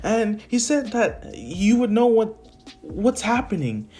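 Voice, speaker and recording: A man's voice: high-pitched, sing-song, takes it slowly, warm tone, pitched above the performer's own voice, heavily acted. A man voicing an anxious young boy who pleads and stammers in a raised voice. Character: anxious young boy hero, high-strung.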